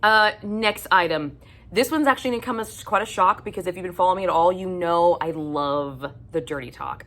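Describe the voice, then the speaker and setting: A woman's voice: on the low side, moderate pace, fairly bright tone. Profane, fed-up woman ranting. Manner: blunt, profane, exasperated ranting. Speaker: book vlogger. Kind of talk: casual ranting monologue.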